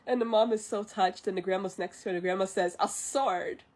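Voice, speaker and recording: A woman vtuber retelling a movie on a live stream, chatty and animated with frequent laughs. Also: mid-range voice, fast.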